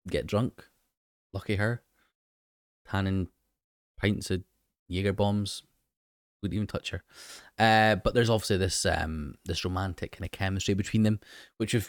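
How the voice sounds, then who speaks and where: A man's voice: on the low side, no room sound, clean studio sound. A man recapping an episode in a casual, enthusiastic way, with laughing asides and frequent ums.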